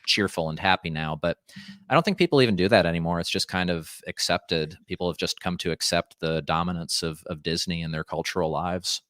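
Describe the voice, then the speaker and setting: Man, deep smooth voice, dry close sound, rambling thoughtful chat. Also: fairly quick, a bit bright, no room sound. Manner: rambling, thoughtful, restarts and fillers. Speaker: podcast guest. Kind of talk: casual conversation.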